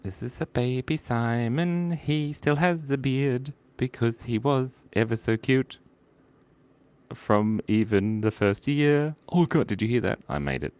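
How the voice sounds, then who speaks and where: A man's voice: medium pitch, animated, measured pace, darkish tone, smooth. A playful man chatting casually while drawing on a live stream, reading out viewers' requests.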